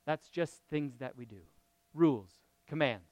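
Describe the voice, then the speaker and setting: A middle-aged man preaching a lively, conversational sermon, often asking his listeners questions. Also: on the high side, measured pace, no echo. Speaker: pastor.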